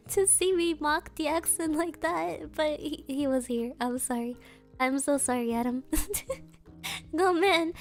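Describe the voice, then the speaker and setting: Over faint background music, a woman streaming as a virtual streamer talks with her chat in a slow, expressive, high voice, leaving long pauses. Playful and casual, she often breaks into giggles and laughter.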